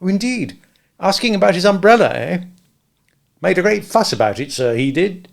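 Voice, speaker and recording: A man's voice: sits high, big pitch swings, normal speed, vocal fry, pitched above the performer's own voice, heavily acted. A man doing a cool, aggrieved cloakroom attendant. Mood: disapproving. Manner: clipped, respectful but cold.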